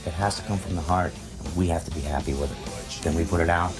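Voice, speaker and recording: A man, a band musician, answering in a candid TV interview, halting and full of fillers and restarts. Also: low voice, over music, rough recording.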